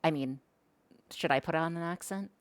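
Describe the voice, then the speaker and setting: A woman's voice: low-pitched, moderate pace, clean tone, dry recording. A woman with an American accent on a casual call, teasing with dry humor. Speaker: guest streamer. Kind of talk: casual chat.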